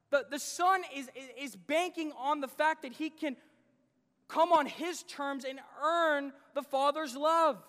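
High-voiced preacher in a reverberant church. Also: male voice. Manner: animated preaching, acts out the father's lines. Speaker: guest preacher. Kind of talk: sermon. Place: church sanctuary. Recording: long reverb of a church hall.

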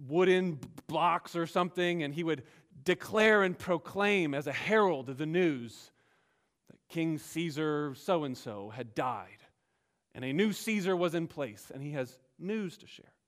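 A man's voice: on the high side, expressive, a little slow. Emphatic preacher man. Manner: emphatic, explanatory preaching with rising and dropping delivery. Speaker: pastor. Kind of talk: sermon. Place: church sanctuary.

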